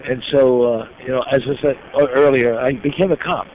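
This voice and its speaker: A man's voice: mid-range voice, steady tone. Older New York man telling stories. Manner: emotional, slow storytelling. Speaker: guest. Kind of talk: reflective storytelling interview. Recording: dull lo-fi recording with noise.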